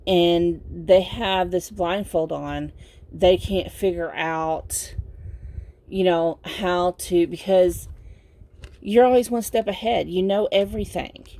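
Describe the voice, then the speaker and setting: A sleepy woman giving a casual pick-a-card tarot reading, talking in a slow, meandering way with lots of fillers. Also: lowish voice, fairly even intonation, warm tone. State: sleepy, yawning. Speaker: tarot reader.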